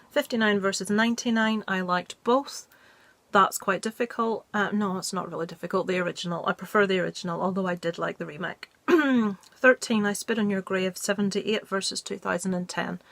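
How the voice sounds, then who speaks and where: A woman's voice: mid-range voice, steady tone, moderate pace, vocal fry, fairly bright tone, dry recording. Blunt, jokey woman chatting about films. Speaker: movie review vlogger. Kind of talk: casual chat.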